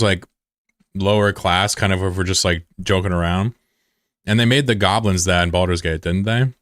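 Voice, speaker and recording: Deep-voiced, profane young man streamer. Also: fairly even intonation, moderate pace, a bit bright, dry recording, studio quality. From USA. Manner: loose, profane, rambling. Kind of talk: casual chat with viewers.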